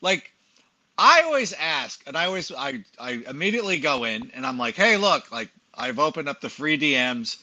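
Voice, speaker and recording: A man's voice: fairly high pitch, big pitch swings, normal speed, sharp tone. A middle-aged man chatting as a podcast guest, telling rambling self-deprecating stories full of fillers. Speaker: podcast guest, fantasy football analyst. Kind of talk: casual chat.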